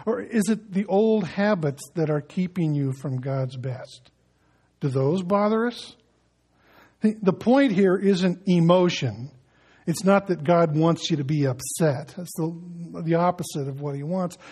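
High-voiced man preaching conversationally. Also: measured pace, darkish tone, slightly rough. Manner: conversational preaching with acted-out asides. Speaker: pastor. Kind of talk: sermon.

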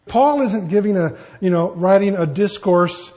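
A man preaching a verse-by-verse sermon as pastor, lively and conversational, full of rhetorical questions. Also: high voice, a little slow.

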